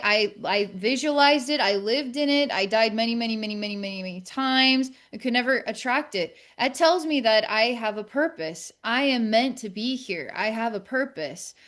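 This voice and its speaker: A woman's voice: medium pitch, a bit bright. Reflective woman sharing her story. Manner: reflective, halting, with many restarts. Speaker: podcast guest. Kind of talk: candid personal storytelling.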